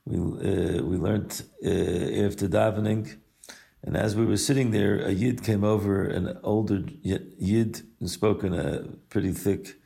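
Older male rabbi, deep gravelly voice, unhurried storytelling message. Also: fairly even intonation, mellow. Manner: unhurried, weaves Hebrew and Yiddish terms into English. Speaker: rabbi and yeshiva teacher. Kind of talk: recorded personal message and story.

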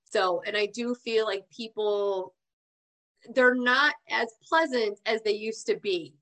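A woman from Georgia chats on a podcast, rambling and full of "like" and "you know". Her voice is bright and sharp, pitched a little high. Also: slow pace. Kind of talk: casual chat.

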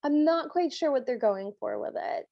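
A woman with a high, bright voice co-hosts a podcast, recapping an old cartoon in an amused and expressive way. The sound is dry and close, with no room behind it. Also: normal speed, no echo, highs cut off. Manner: amused, expressive, laughs easily. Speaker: podcast co-host. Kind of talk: casual chat reviewing a cartoon.

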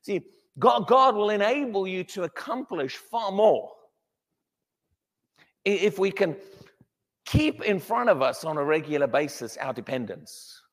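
A high-voiced man preaching with lively swings in pitch, stressing his points with repeated restarts. His voice rings through a large hall with a long reverb. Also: unhurried, pauses often. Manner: animated, emphatic, with repeated restarts. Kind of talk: sermon.

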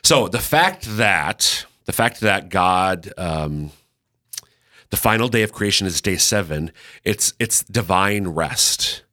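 A male host explaining scripture on a talk show, his fairly low voice cutting through with a bright, forceful edge. He talks things through as he goes, restarting phrases and then slowing on the words that matter. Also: expressive. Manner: thoughtful, many restarts, slows down to stress points. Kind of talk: conversational Bible teaching on a radio show.

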